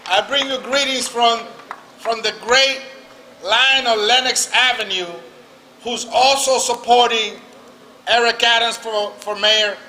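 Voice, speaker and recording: Guy emceeing a street rally, cracking jokes, crowd loud behind him. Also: very high-pitched, steady tone, a little slow, noisy background. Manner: joking, bilingual, introduces speakers. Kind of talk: rally speech.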